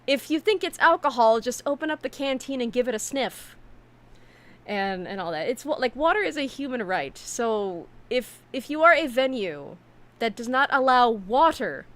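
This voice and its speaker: A woman streamer in casual chat, telling stories in an animated way with many fillers and restarts, talking from her home setup. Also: a little high, moderate pace.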